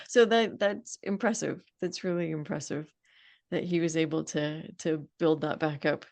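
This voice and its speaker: A woman's voice: medium pitch, fairly even intonation, normal speed, no room sound. A woman hosting a podcast interview, talking earnestly and at length in casual conversation. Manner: earnest, talkative. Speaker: podcast host. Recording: dry close sound.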